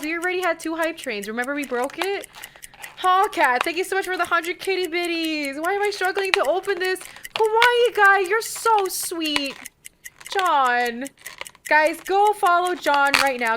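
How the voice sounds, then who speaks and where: Gushing high-voiced young woman streamer. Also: moderate pace, noisy background. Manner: gushing, exclaims often, thanks viewers. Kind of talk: excited livestream chat with viewers. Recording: loud background music.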